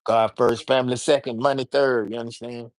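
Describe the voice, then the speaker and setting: A man's voice: mid-range voice, flat delivery, a little fast, no room sound. A man hosting a casual livestream, rambling loosely and talking straight to his chat. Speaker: livestream host.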